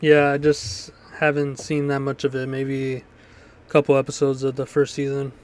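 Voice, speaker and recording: A man's voice: medium pitch, completely flat delivery, normal speed, darkish tone. A man co-hosting a casual podcast, laid-back and laughing often. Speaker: podcast co-host. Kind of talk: casual chat.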